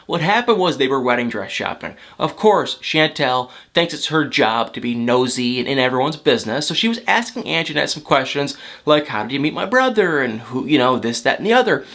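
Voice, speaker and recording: A man's voice: medium pitch, animated, fairly quick, few pauses, fairly bright tone. A man recapping a reality show in a casual vlog, chatty and emotional, full of fillers and repeated words. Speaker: reality TV commentator.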